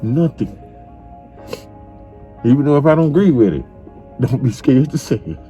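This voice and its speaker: A man's voice: medium pitch, lively intonation, moderate pace, dark tone, soft background music. A middle-aged man, a father, crying as he tenderly tells his son he loves him, repeating himself often. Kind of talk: emotional family conversation.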